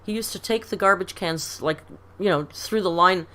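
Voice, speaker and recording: This Canadian livestreamer, middle-aged, chats through stories and reads comments aloud, laughing often. She talks at an unhurried pace in a fairly low, slightly bright voice.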